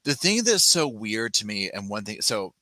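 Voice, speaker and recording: This is a man hosting a casual true-crime livestream. His voice sits low but swings widely in pitch, and it has a bright, forceful edge. The sound is close and dry, and he talks in an animated, sassy way, breaking off to read viewer comments aloud. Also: normal speed, no echo. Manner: animated, sassy, mimics people in exaggerated voices; reads viewer chat aloud and thanks supporters.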